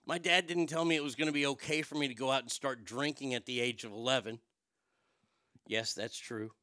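A middle-aged man telling a long personal story in a profane, wisecracking way, with quick asides and voices for the people in it. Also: mid-range voice, steady tone, bright, forceful tone, smooth, no room sound, clean studio sound. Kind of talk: casual storytelling monologue.

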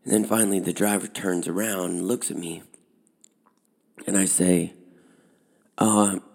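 A man who runs a high school outdoor program, telling a personal story in a relaxed, conversational way with fillers. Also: normal speed, vocal fry.

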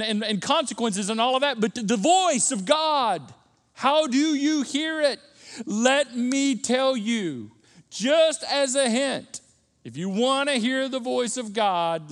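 A man preaching a sermon as pastor, talking emphatically with frequent restarts and sudden loud bursts. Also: very high-pitched. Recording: long reverb of a large hall.

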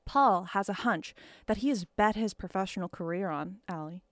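A woman's voice: medium pitch, normal speed, no room sound. A woman co-hosting a casual podcast, chatting and reading a dramatic story intro, often breaking into laughter. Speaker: podcast co-host. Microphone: headphones and studio mic.

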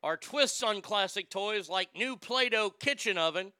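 A man's voice: high voice, animated, a little slow, bright, forceful tone, smooth, dry recording. A middle-aged man hosting a casual talk show, telling stories in a wisecracking, profane way. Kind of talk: casual talk radio banter.

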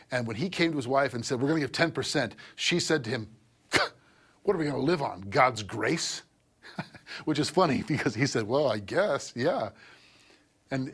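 A middle-aged man preaching a sermon in a loose, conversational way, with a husky, slightly breathy voice. He asks his listeners question after question and slips into mocking voices to act out what people say. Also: medium pitch, fairly bright tone. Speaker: pastor.

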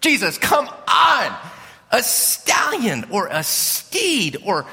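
Preacher putting on high, whiny disciples, exasperated and embarrassed, long hall reverb. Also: male voice, huge pitch swings, slow, creaky, pushed and bright, heavily acted. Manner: whiny, mocking disbelief.

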